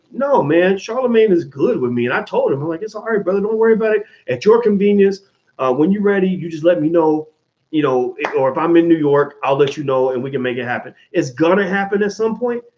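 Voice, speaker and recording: A man hosting his own show, answering viewer questions in an animated, casual monologue full of restarts and swearing. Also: medium pitch. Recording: dull lo-fi sound.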